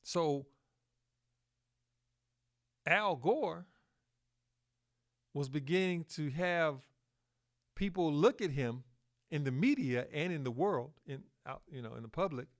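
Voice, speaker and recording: A man hosting a solo podcast, talking slowly with fillers and self-corrections, and pushing up on key words for emphasis. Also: fairly high pitch, expressive. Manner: slow, halting delivery with fillers and self-corrections. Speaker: podcast host.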